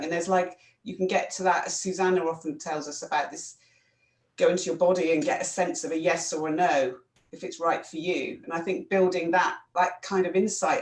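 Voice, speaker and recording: Woman co-host, reflective and halting, heard from a distance in a roomy space. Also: lowish voice. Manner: thoughtful, halting, restarts phrases. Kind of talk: casual reflective chat. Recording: echoey room, away from the mic.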